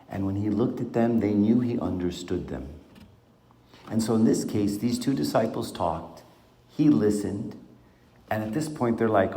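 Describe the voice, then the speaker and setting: A man's voice: lowish voice, warm tone, a little hiss or hum. A man giving an informal Bible talk to a small group around a table, asking them questions in a conversational way. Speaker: Bible teacher. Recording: echoey room.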